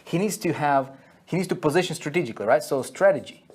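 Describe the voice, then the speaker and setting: A man's voice: fairly high pitch, expressive, quick pace, darkish tone, slightly rough. A man teaching an online marketing lesson at a whiteboard, repeating key phrases and checking in with "okay?" and "right?" after each point.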